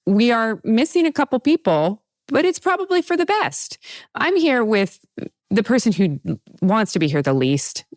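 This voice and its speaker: A woman hosting a podcast in casual chat, talkative and laughing often with quick asides. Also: fairly high pitch, big pitch swings, no echo, studio quality. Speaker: podcast host.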